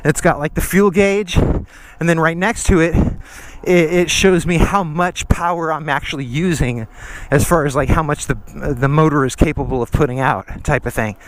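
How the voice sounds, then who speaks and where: A man's voice: a little high, moderate pace. A man out of breath, vlogging casually while riding a trail, rambling and slangy. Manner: slangy and rambling, says dude and freaking. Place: outdoor trail.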